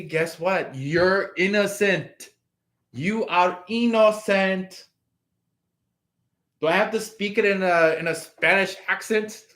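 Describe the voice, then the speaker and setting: A man giving a casual live tarot reading, filling his talk with pauses and acting out the people he quotes. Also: high voice, fairly bright tone. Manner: acts out quoted voices, laughs, filler-heavy. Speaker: tarot reader.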